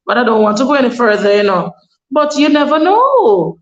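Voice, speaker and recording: A woman's voice: a little high, sing-song, normal speed, muffled recording. A young Jamaican woman with a Jamaican accent, vlogging casual advice in a chatty way and slipping into patois. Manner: chatty, advising, slips into patois. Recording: echoey room.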